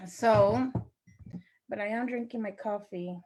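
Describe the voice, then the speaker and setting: A woman's voice: mid-range voice, slow, darkish tone. An older woman, a sales representative, telling a casual story to viewers on a live video, laughing often and acting out what her friends said. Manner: chatty, laughs often, acts out quoted friends.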